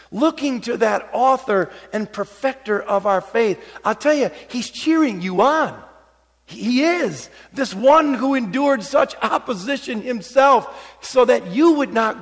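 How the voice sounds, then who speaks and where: A high-pitched middle-aged man preaches in a church, his voice ringing through a long hall reverb. He tells stories in a conversational way, then climbs into urgent encouragement. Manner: storytelling, swings between hushed asides and rising exhortation. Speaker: pastor. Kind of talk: sermon.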